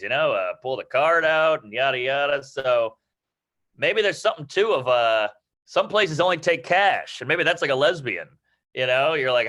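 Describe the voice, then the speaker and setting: Bright-voiced man riffing on jokes. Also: mid-range voice, expressive. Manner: loose, riffing, acts out quick voices. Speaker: comedy coach. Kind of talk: casual joke workshopping.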